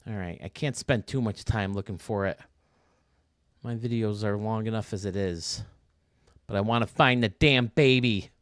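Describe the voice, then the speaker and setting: Excitable man narrating gameplay. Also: lowish voice, moderate pace, no echo, clean studio sound. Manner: chatty, excitable, talks to viewers. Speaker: video game stadium reviewer. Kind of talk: casual gameplay commentary.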